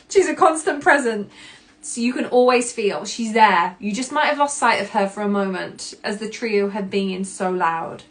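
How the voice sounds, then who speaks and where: Woman in her 30s doing a self-help podcast, candid, swears a bit, middle pitch. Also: normal speed. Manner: candid and expressive, swearing casually, acting out her own past reactions. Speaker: podcast host.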